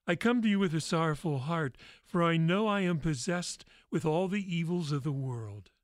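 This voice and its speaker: A man's voice: a little high, expressive, normal speed, no room sound, clean studio sound, close to an everyday voice. A man voicing a sorrowful, weeping woman in a spoken faith story, reading her lines in a pleading tone.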